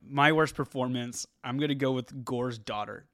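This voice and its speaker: A man co-hosting a casual movie review chat, animated and profane, often laughing. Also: medium pitch, normal speed, no room sound. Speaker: movie review podcast co-host.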